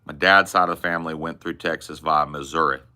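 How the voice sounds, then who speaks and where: A man's voice: extremely low pitch, fairly even intonation, fairly quick, bright, forceful tone, clear, resonant tone. A man with a Californian accent hosting a podcast, chatting loosely with casual swearing and lots of "bro" and "man". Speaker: podcast host.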